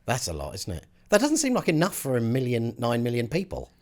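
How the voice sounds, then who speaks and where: A co-host of a casual podcast chat, teasing and quick with jokes. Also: medium pitch, wildly swooping pitch, darkish tone.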